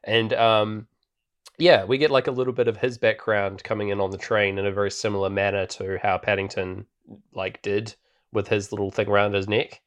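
A man's voice: on the low side, level tone, moderate pace. Laughing, rambling man chatting about a film. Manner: rambling, laughs often, many fillers. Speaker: podcast co-host. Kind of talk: casual film-review chat.

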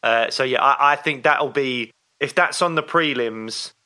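A man's voice: medium pitch, measured pace, sharp tone. A man co-hosting a fan podcast, chatting keenly about upcoming fights. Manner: enthusiastic, chatty fan talk. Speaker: podcast co-host. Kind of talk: casual chat.

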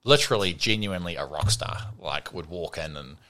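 Low-pitched, fairly quick, bright and forceful, this man's voice comes from a New Zealand cricketer in his thirties being interviewed. The chat is casual and rambling, heavy on fillers like "you know" and "sort of," and he mimics people when recounting anecdotes.

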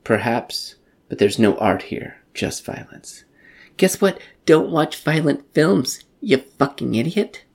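A man's voice: on the high side, sing-song, slow, vocal fry, slightly rough. A man hosting a podcast, ranting profanely in casual movie review chat. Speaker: podcast host.

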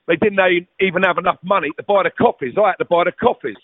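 A man's voice: high voice, fast, dry recording. A middle-aged man, telling rambling stories as a guest, with swearing and restarts. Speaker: guest, former footballer. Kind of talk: casual storytelling chat. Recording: tinny phone-like audio, dry.

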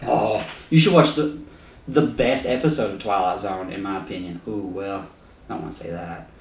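A man's voice: sits low, moderate pace, reverberant, far from the mic, slight background noise. A man co-hosting a podcast in casual chat, enthusiastic and loose, swearing freely as he gushes. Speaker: podcast co-host.

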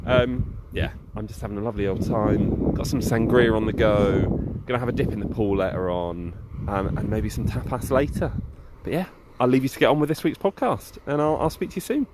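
Breezy low-voiced man. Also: brisk, very noisy. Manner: breezy, rambling. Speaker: podcast co-host. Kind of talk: casual phone call. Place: outdoors by the sea.

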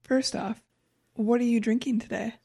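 A woman co-hosting a casual podcast chat, dry and low-key, with a migraine. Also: fairly even intonation, normal speed, vocal fry, darkish tone, slightly rough. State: has a migraine. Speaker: podcast co-host.

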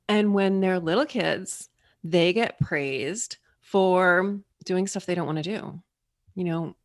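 A woman talks in a playful, animated way as she explains ideas to an interviewer. Her voice sits on the low side. The sound is dry and close, with no room echo. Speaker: guest explaining personality types. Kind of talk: casual interview talk.

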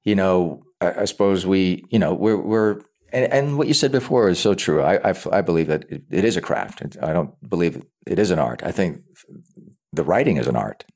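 Deep-voiced man, halting talk. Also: lively intonation, darkish tone. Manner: halting, repeats words often; acts out quoted lines. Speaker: actor guest. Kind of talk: casual interview talk.

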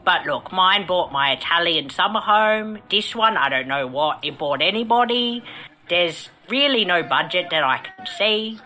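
A woman's voice: lowish voice, expressive, measured pace, pushed and bright. A woman doing an impression of a blunt, swearing British film actor. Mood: blunt grumbling.

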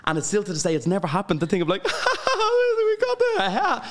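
Irish guy, young, chatty and animated, laughs a lot as he tells stories. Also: fairly high pitch, racing. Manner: animated storyteller, laughs often. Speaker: guest. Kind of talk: casual chat.

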